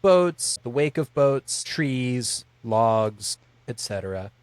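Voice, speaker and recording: A man's voice: medium pitch, animated, slow pace, smooth, dry recording. A man co-hosting a podcast in casual chat, rambling through explanations with lots of filler words. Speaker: podcast co-host.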